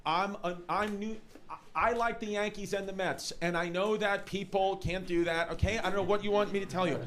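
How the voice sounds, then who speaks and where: A man with a New York accent doing a loud, rambling stand-up set in a live club. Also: sits high, steady tone, slight background noise. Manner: loud, rapid, rambling rants with frequent laughs. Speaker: stand-up comedian. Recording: live club with crowd behind. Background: laughing audience.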